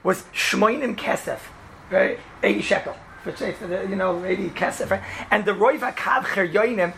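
Rabbi guy teaching a class, gravelly voice, high for a man, keeps asking "right?". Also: slight background noise. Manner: animated storyteller, acts out quoted lines; peppers speech with "right?" and "you know". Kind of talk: casual classroom Torah lesson.

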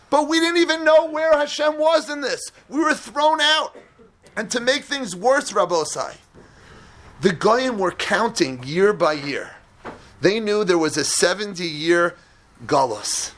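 A man giving a sermon-style Torah lecture as a rabbi, dramatic, swinging between hushed low tones and impassioned shouting.

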